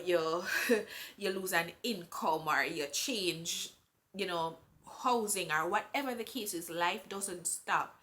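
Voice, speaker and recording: Slow, earnest Jamaican woman vlogger. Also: on the low side, pushed and bright. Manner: earnest, faith-filled, unhurried. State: pregnant. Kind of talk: heartfelt personal vlog talk.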